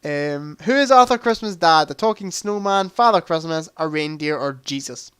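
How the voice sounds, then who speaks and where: A man's voice: a little high, animated, normal speed, a bit bright, clear, resonant tone, no room sound, clean studio sound. A young man hosting a casual livestream quiz, chatty, reading out answer options and adding joking asides. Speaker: livestream host.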